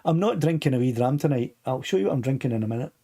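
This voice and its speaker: Older Scottish host with a touch of throat trouble; rambling, chatty, reading out comments. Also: male voice, medium pitch, lively intonation, very fast, warm tone. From Scotland. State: a bit of a sore throat. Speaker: live stream host. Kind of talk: casual live stream chat.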